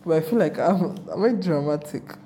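A young Nigerian woman with a Nigerian accent, chatting casually in a vlog, telling her travel stories with animated, rambling asides. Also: on the low side, normal speed, a little hiss or hum. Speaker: travel vlogger.

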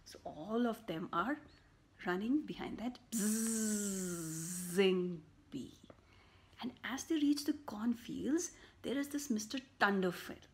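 Slow, animated woman telling a children's story. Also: mid-range voice. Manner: slow and animated, with sound effects and soft whispered asides. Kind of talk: children's story read-aloud.

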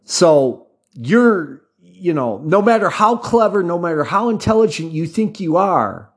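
A man's voice: sits high, very animated, measured pace, husky. An American man in his fifties talking casually to his viewers, rambling off on tangents and restarting his sentences often. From United States. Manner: rambling, tangent-prone, with frequent restarts and fillers. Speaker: channel host. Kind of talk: casual talk to camera.

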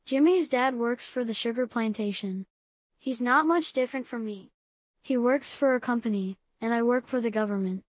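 A woman voicing a kind, proud father who is a schoolteacher, speaking calmly and encouragingly, in a higher voice and a dry recording. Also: normal speed, dry recording, lightly acted. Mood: gentle. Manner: calm, kindly encouraging.

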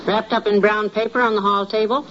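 An actress playing a brisk, teasing wife who bosses her husband along, in 1950s radio comedy style. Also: medium pitch, fairly even intonation, a bit bright, natural voice. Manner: bossy, teasing, calls husband dearie. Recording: muffled old radio broadcast with hiss.

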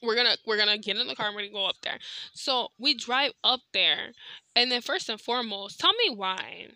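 A woman's voice: on the high side, lively intonation, brisk, pushed and bright, no room sound. A young adult woman hosting a podcast, telling a personal story in a chatty, candid way with lots of filler words. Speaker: podcast host. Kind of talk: casual storytelling monologue.

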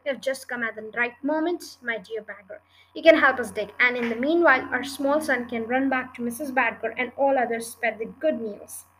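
A woman voicing a clever, confident male fox in a storybook reading, speaking in a bright, reassuring voice. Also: a little high, moderate pace, a little hiss or hum, close to an everyday voice, poor audio. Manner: reassuring, sly.

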